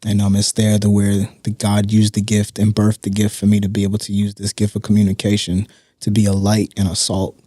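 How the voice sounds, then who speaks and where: Low-voiced man telling his story. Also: a little fast, no echo, studio quality. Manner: animated, streetwise, repeats "you know what I'm saying". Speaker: guest speaker. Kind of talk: personal storytelling. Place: podcast studio.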